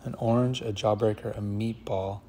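A man's voice: fairly low pitch, steady tone, normal speed, dark tone, a little hiss or hum. A man thinking aloud as he solves a word puzzle, musing half to himself and sometimes dropping to a near whisper. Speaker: puzzle channel host.

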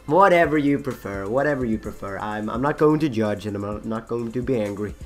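Young male gaming host, husky and rambling, self-mocking, with faint background music. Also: mid-range voice, lively intonation, fairly quick. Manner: rambling, self-mocking, many fillers and restarts. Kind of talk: rambling gameplay commentary.

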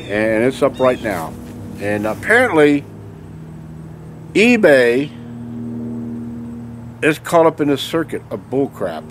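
A man's voice: on the high side, a little hiss or hum. An angry man delivering a ranting monologue to his viewers, full of emphatic rhetorical questions and tag "okay?"s. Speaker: video blogger.

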